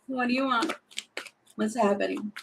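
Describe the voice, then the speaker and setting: A woman's voice: on the high side, moderate pace, vocal fry, noisy background. A woman doing a casual, spontaneous tarot reading, thinking aloud, rambling and giggling as she goes. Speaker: tarot reader.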